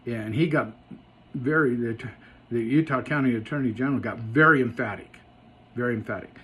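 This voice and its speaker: A man giving a casual spoken update, halting with many fillers and restarts and turning emphatic at times. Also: medium pitch, a bit bright, husky.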